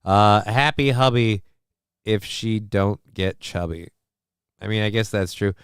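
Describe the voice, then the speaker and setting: A man's voice: on the low side, a little slow, clear, resonant tone, no room sound, studio quality. A man hosting a casual livestream, rambling crudely, reacting to clips and reading chat aloud while feeling sick. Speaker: livestream host.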